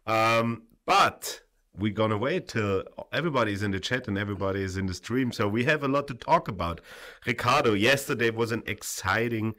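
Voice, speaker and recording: A man's voice: fairly low pitch, brisk, pushed and bright. A tired young man who speaks natively, hosting a casual livestream chat in English and rambling loosely with fillers. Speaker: stream host.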